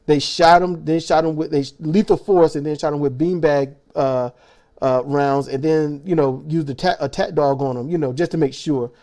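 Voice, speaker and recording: Sarcastic man ranting, mellow voice. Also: on the high side, steady tone, normal speed. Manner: angry, profane, sarcastic ranting with stumbling restarts. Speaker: reaction video host. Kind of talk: ranting commentary.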